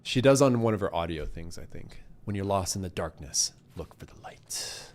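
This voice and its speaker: A man's voice: low-pitched, animated, brisk, darkish tone, a little hiss or hum. A man streaming a game live, chatting casually and cheerfully thanking donors, a bit congested. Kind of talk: casual live gameplay commentary.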